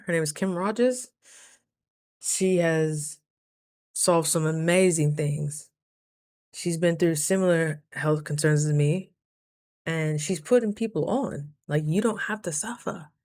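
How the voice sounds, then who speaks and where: A woman's voice: deep voice, measured pace, a little mellow, no room sound. Earnest woman rambling in her vlog, kinda emotional, dry no-room sound. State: close to tears. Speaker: vlogger. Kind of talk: casual diary vlog.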